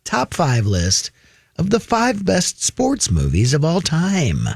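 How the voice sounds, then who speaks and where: Man in his 50s, radio host, lively swinging pitch, dry close sound, upbeat questions. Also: slow, creaky, husky, dry recording. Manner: leads the talk with animated, upbeat questions. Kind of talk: casual radio show chat.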